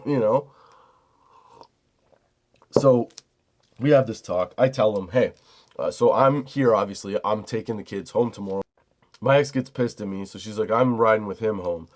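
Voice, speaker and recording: Podcast host, middle-aged man, low-pitched, profane heated storyteller. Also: normal speed, pauses often, darkish tone. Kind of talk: storytelling monologue.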